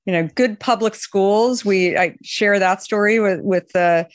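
A woman founder being interviewed, who tells long anecdotes full of fillers and restarts and raises her pitch when she quotes other people. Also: a little slow, no echo, studio quality. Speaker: company founder, guest. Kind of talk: interview storytelling.

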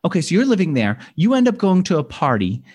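A man's voice: a little high, wildly swooping pitch, fast talker, darkish tone, breathy edge. A man hosting an interview who chats eagerly, makes offhand asides and asks questions in a conversational way. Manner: chatty and enthusiastic, with self-deprecating asides. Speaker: podcast host, interviewer.

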